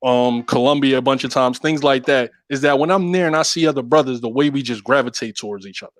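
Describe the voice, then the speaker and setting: A man in a casual conversation, quickly telling a reflective personal story. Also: medium pitch, no echo.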